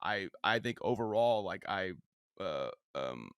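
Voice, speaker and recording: A man's voice: sits low, big pitch swings, measured pace, gravelly, fairly bright tone, clean tone, no room sound, studio quality. A middle-aged man co-hosting a podcast in casual chat, rambling with many restarts and fillers. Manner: rambling, self-interrupting, frequent "like" and restarts. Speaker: podcast co-host.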